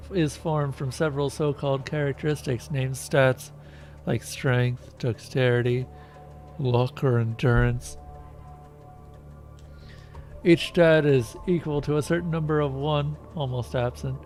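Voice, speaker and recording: Casting: a man as a tedious, droning game character who speaks in a flat monotone. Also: mid-range voice, measured pace, pauses often, soft background music, natural voice. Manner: boring monotone delivery. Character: dull, droning unshaven adult man.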